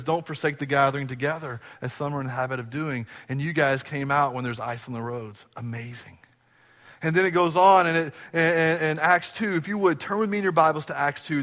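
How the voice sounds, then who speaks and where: A man preaching a sermon to his congregation in a church, telling stories with animated bursts and quiet asides. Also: a little high, big-room sound. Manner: animated storytelling, swinging between loud bursts and quiet asides. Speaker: pastor. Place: church sanctuary.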